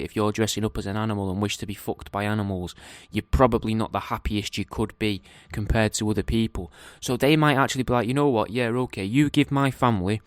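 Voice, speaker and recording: A man's voice: on the low side, smooth, no echo. Ranting man, dry and close. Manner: ranting, profane, comically speculative. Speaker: podcaster giving a daily update. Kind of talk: rambling solo monologue.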